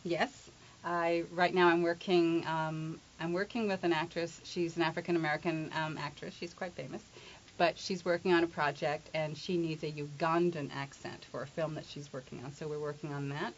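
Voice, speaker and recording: Middle-aged lady accent coach from england, kinda low voice, teasing and demonstrative, dull lo-fi sound. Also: steady tone, moderate pace, slight background noise. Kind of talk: interview, explaining with spoken examples. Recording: dull lo-fi recording.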